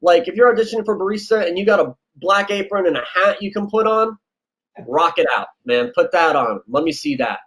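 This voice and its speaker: A man who works as a casting director, giving relaxed, chatty advice in an interview and acting out little exchanges. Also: high-pitched, fairly quick, slightly rough, low-quality recording. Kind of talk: casual interview answers.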